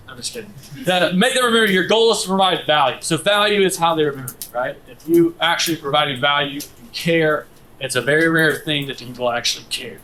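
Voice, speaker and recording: A man teaching a live workshop, coaching the room in a brisk, direct way. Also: on the high side, sharp tone, poor audio. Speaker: instructor.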